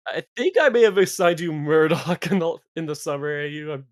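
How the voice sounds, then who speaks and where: A man's voice: fairly high pitch, expressive, a little fast, dry recording, studio quality. A man, a guest voice narrator, chatting casually on a podcast and laughing at himself.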